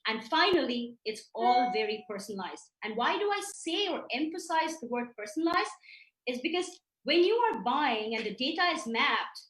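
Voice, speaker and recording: A woman's voice: sits high, sing-song, normal speed, fairly bright tone, far from the mic. A woman giving an emphatic business presentation over a video call, walking through her slides. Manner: emphatic, with some restarts. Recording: roomy, from off the mic.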